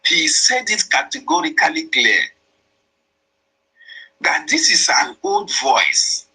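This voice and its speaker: A man's voice: on the high side, sing-song, slow, pushed and bright, husky, low-quality recording. A man, explaining and interpreting a played voice message in a repetitive, emphatic way. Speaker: commentator.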